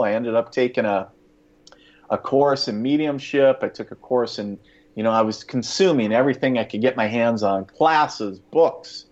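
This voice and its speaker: A man with a mid-pitched voice tells a personal story in a loose, rambling way, full of fillers and quick chuckles. The sound is dull and lo-fi. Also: darkish tone. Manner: rambling, many fillers and restarts, chuckles often. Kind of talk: casual spoken storytelling.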